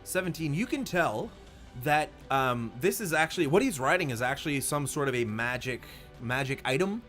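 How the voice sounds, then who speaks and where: A man's voice: moderate pace, faint music behind. Hesitant man running a tabletop game. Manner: hesitant, filler-heavy, lively pitch. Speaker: game master.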